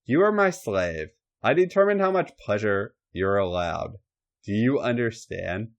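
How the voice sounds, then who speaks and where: A man voicing a commanding, sinister dark lord in a comedic erotic story reading, giving slow, domineering orders. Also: fairly low pitch, animated, gravelly, lo-fi sound.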